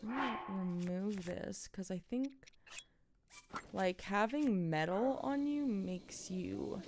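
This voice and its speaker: A woman's voice: mid-range voice, lively intonation, slow pace, background noise. A woman streamer giving casual let's play commentary, chatty and full of fillers, with the odd mild swear. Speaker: gaming streamer.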